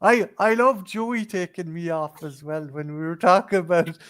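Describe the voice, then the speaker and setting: A man's voice: high voice, moderate pace, a bit bright, smooth. A man co-hosting a casual online talk show, swearing freely and restarting his sentences. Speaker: podcast co-host. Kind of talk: casual chat.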